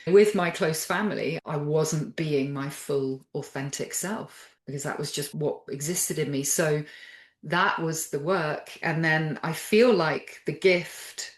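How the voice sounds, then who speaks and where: A woman guest speaking in a soft, thoughtful, conversational way, circling her phrases with fillers as she reflects. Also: sits low, slow, reverberant. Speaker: podcast guest.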